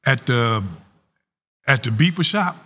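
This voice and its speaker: A middle-aged man, telling a story as an interview guest, animated and profane, laughing often. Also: medium pitch, unhurried. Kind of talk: casual storytelling.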